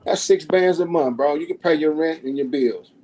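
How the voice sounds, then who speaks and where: A middle-aged man, a podcast guest, telling stories in a loud, profane, animated way and acting out the people he quotes. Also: fairly high pitch, normal speed, a little hiss or hum, poor audio. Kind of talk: casual storytelling.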